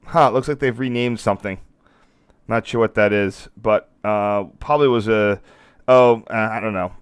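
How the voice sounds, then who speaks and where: Low, smooth-voiced rambling man streaming live. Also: steady tone, moderate pace, dry recording, studio quality. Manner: rambling, self-interrupting, apologetic. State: losing his voice. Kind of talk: casual live-stream commentary.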